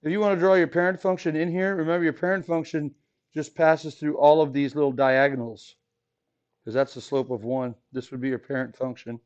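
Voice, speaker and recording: A man teaching a math class in a relaxed, joking way, often asking students questions as he works through problems. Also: on the high side, brisk. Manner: casual, jokey, asks the class questions. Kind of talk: classroom lesson. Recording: dull lo-fi classroom recording.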